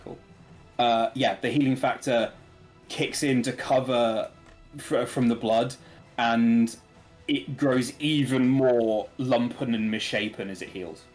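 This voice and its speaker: A man narrating a tabletop game as game master, relaxed and hesitant, with many filler words. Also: medium pitch, takes it slowly, faint music behind. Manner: relaxed, hesitant with frequent ums.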